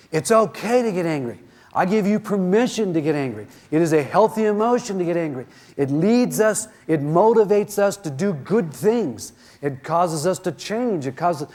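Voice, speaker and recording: A middle-aged man giving a self-help seminar, telling stories in an animated way and acting out the voices in them. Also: on the high side. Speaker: seminar speaker.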